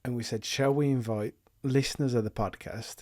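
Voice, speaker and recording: A man's voice: mid-range voice, steady tone, moderate pace, warm tone, no echo, studio quality. A man co-hosting a football podcast in casual chat, joking and laughing often. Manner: laughs often, jokey banter. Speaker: podcast co-host.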